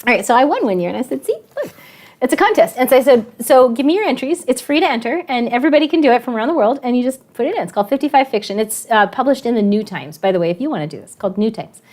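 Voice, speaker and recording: Racing along in a fairly high voice, a woman teacher tells a story from her classroom. She's casual and animated, laughing a lot and mimicking how her students talk.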